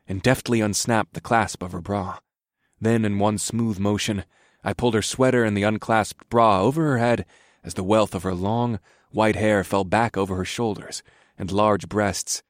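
A man narrating an erotic story in the first person, in a steady, subdued reading voice. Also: on the low side, moderate pace, no echo, clean studio sound.

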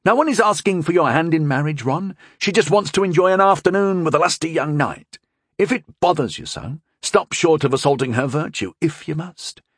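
A man's voice: on the high side, lively intonation, normal speed, slightly rough, no room sound, studio quality, pitched above the performer's own voice. A man voicing a worldly, drily joking young knight in an audiobook reading. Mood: wry. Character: wry worldly young male knight-mage. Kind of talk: audiobook character voice.

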